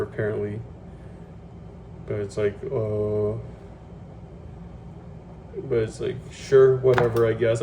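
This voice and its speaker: A man rants about work while he cooks, his talk full of fillers, restarts and curses. He sits some way off from a phone mic in a home kitchen. Running tap water and kitchen clatter come through clearly behind him. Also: mid-range voice, far from the mic, noisy background. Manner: rambling, profane, many fillers and restarts. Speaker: vlogger. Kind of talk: casual venting monologue. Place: home kitchen, cooking at the stove.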